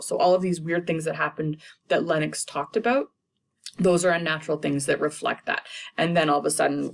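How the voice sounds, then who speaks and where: A woman's voice: fairly low pitch, creaky. A young woman teacher casually summarizing a play for students, paraphrasing the characters in modern slang.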